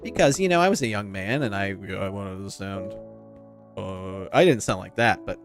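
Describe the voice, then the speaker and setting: A man's voice: lowish voice, animated, normal speed. A man with a nasal voice and a slight lisp, chatting casually and rambling to his viewers while streaming a game. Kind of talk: casual live-stream chat while gaming. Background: faint background music.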